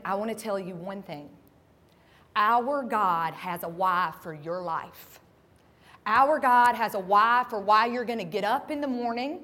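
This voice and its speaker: A woman's voice: a little high, a bit bright, long reverb tail. A woman pastor preaching a sermon in a church, asking her listeners direct questions and building to impassioned cries. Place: church sanctuary.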